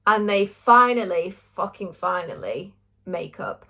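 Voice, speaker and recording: A woman's voice: mid-range voice, measured pace, bright, forceful tone. A young woman reviewing a book in casual, gushing chat, swearing freely.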